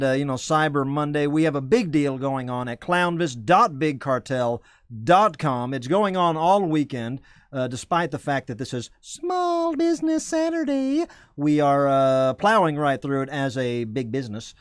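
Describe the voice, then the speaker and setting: A man's voice: fairly high pitch, smooth, dry recording, clean studio sound. A man hosting a comedy web show, rambling and self-correcting while hyping merchandise like a salesman. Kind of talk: rambling comedic live-stream chat.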